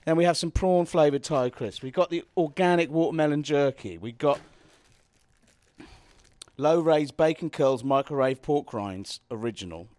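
A man's voice: fairly high pitch, normal speed, a little mellow, no room sound. A British man hosting a podcast, casual chat recorded at a house party, often cutting himself off mid-sentence. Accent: British English. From Britain. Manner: rambling and self-interrupting. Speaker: podcast host.

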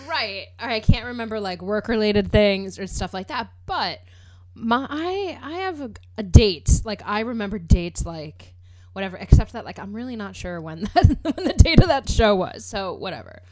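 A woman co-hosts a casual podcast in an easygoing way, with lots of "like" and laughter. Her pitch sits in the middle range. The recording is close and dry. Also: moderate pace, no room sound. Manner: relaxed, filler-heavy, laughs along. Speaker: podcast co-host. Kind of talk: casual chat.

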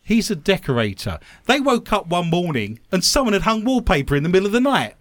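A man's voice: sits high, big pitch swings, a little fast, dry recording, studio quality. A man hosting a comic radio show, reading odd news stories with sarcastic asides. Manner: joking, sarcastic asides, laughs often.

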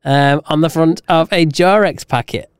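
A podcast co-host in casual chat, quick to laugh. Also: medium pitch, clear, resonant tone, dry recording, clean studio sound. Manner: laughs easily, reacting to the other host.

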